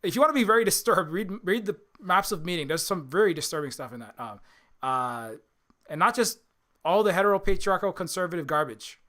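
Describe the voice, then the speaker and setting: A man's voice: on the high side, lively intonation, a little fast, a bit bright. A man from Hawaii giving casual, rambling political commentary as a channel host. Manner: rambling, many restarts and fillers.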